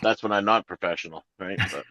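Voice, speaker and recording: Laid-back trucker co-host, lowish voice, dry and slightly muffled line. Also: male voice, quick pace, sharp tone, no echo. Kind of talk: casual podcast chat.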